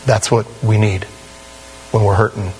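A man preaching a sermon in a conversational, animated way, with sudden rises in pitch. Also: unhurried, slight background noise, low-quality recording. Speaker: pastor.

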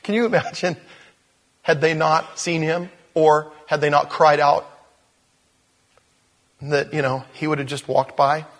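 A man preaching a sermon in a conversational way, growing animated as he reads scripture aloud. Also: fairly high pitch, unhurried, pauses often, in a large hall.

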